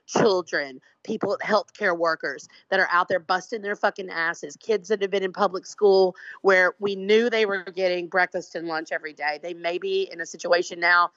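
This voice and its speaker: A woman's voice: fairly low pitch, a bit bright, no room sound. Brash, profane woman artist, dull lo-fi sound. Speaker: interview guest, artist. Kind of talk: casual conversational interview.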